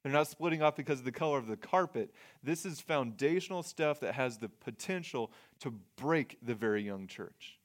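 A man's voice: medium pitch, animated, normal speed, few pauses. A man preaching a sermon in a conversational way, reading scripture and explaining it plainly, often restarting his phrases. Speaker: pastor.

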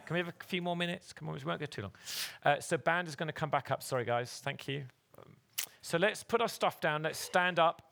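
A man's voice: a little high, fairly quick, creaky, a bit bright. A man preaching a sermon as pastor at a church service, earnestly and directly urging the congregation.

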